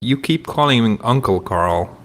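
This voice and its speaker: A man voicing a wild, animalistic young boy who gives flat, offhand replies. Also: mid-range voice, a little slow.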